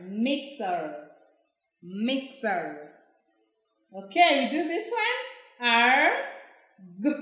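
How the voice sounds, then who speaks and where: A woman's voice: on the high side, fairly bright tone. A woman teaching phonics, sounding out words letter by letter in a patient, encouraging way. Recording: very echoey room.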